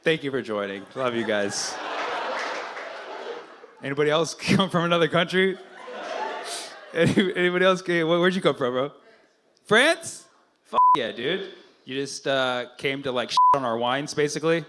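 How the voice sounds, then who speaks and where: A man doing stand-up crowd work, teasing and profane in quick banter with the audience. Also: fairly high pitch, animated, noisy background. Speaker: stand-up comedian. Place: comedy club stage.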